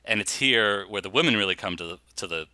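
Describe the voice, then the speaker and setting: A man co-hosting a podcast, discussing a documentary in a halting, chuckling way. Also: on the low side, bright, forceful tone, no echo. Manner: halting, many restarts and fillers, chuckling. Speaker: podcast co-host. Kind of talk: casual film discussion.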